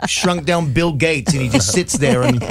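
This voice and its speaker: A man's voice: fairly high pitch, normal speed, no room sound, clean studio sound, soft background music. A middle-aged man, a comedian guest on a radio show, telling rambling jokey stories and acting out voices. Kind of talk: comic storytelling on radio.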